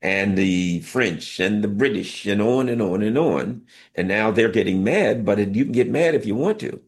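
Gravelly low-voiced man holding forth. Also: a little mellow. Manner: emphatic, repetitive, colloquial, talks in short bursts. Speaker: political commentator. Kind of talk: unscripted political monologue.

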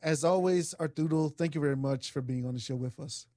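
A man's voice: on the high side, brisk, dry recording, studio quality. A man hosting a radio talk show, thanking guests and closing the program. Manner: steady, wraps up segments and thanks guests.

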